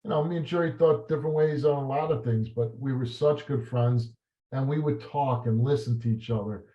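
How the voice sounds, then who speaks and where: A man in an interview, telling stories and reminiscing in a halting way, with many fillers and restarts. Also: mid-range voice, dark tone. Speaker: talk show host as guest. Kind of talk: reflective interview answers. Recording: roomy and slightly dull sound.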